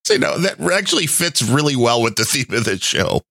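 A man hosts a podcast with studio-quality sound and no room ambience, casually chatting in a rambling, conversational way packed with fillers. His medium-pitched, slightly bright voice swings widely in pitch, runs a little fast, and has vocal fry.

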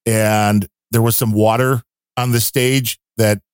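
A man's voice: fairly low pitch, little pitch movement, slow, clean tone, no echo, clean studio sound. A man hosting a podcast in casual chat, telling stories in a playful, upbeat way. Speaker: podcast host.

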